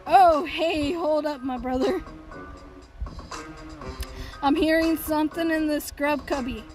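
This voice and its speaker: A woman's voice: sits high, slow pace, darkish tone. Woman doing a drawling, spaced-out troll. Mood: creepy. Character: tall lazy male troll, creepy slow drawl. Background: game music.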